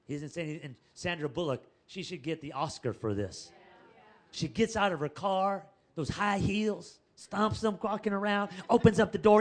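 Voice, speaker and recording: High-voiced man preaching a story sermon. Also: moderate pace. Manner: animated, chatty, laughing asides, calls to the congregation. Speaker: pastor.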